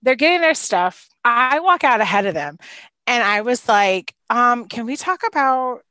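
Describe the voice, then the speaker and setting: Animated high-voiced woman telling stories. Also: measured pace, no room sound. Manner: animated, laughing often, acts out quotes. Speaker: former youth minister. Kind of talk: casual storytelling chat.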